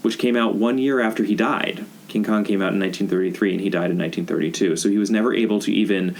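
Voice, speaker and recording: A podcast co-host chatting casually and lively about a mystery author. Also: deep voice, quick pace. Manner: chatty, lively, often laughing. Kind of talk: casual chat about books.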